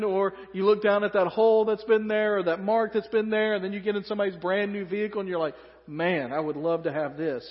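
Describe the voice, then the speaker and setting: A man's voice: high-pitched, long reverb tail, muffled recording. A man with a Southern US accent preaching a sermon in a conversational way, with joking asides. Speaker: pastor.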